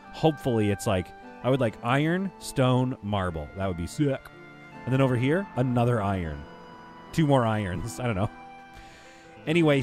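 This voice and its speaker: A man's voice: mid-range voice, darkish tone. Man chatting through a game stream. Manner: rambling, thinking aloud, chatting to viewers. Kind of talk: casual gameplay commentary.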